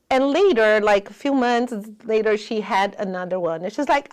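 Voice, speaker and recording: A woman giving a spiritual lecture in earnest, non-native English, often dropping to a hush. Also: a little high, normal speed, hardly any pauses, a little hiss or hum.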